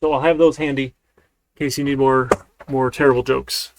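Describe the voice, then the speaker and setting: Gravelly-voiced man teaching coding live. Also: medium pitch, level tone, normal speed, noisy background. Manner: casual, talkative, keeps checking in with "right?". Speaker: university programming instructor. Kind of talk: live-streamed coding lecture.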